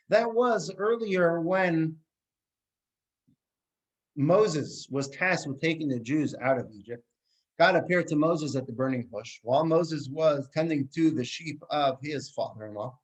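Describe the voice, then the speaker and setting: A man teaching a Torah class as a rabbi, telling stories in an animated way that swings between quiet and emphatic. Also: a little high, poor audio. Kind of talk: Torah class lecture with storytelling.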